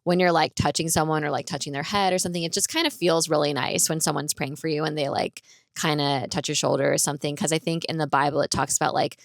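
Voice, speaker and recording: Woman podcaster rambling through a story, says like a lot, lowish voice with some fry, dry close sound. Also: fairly even intonation, fast, no echo. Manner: chatty, rambling, fills speech with "like". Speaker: podcast host. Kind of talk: casual personal storytelling.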